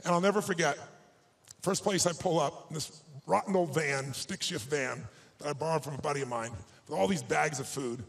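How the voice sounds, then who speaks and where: A man's voice: on the high side, moderate pace, gravelly. A middle-aged man giving a live motivational talk, telling a personal story with emotion and urging his audience on. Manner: emotional storytelling, emphatic and exhorting. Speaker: motivational speaker.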